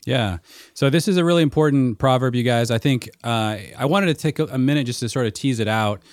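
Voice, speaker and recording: A man's voice: medium pitch, fairly quick, dry recording, studio quality. A man co-hosting a podcast, explaining at length in an earnest, casual discussion. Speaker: podcast co-host and mentor.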